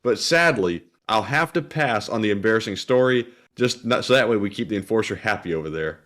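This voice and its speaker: A man's voice: on the low side, expressive, a little fast, fairly bright tone. A man co-hosting a livestream, reading donor messages aloud in an easygoing, chuckling way. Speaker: livestream co-host reading donations.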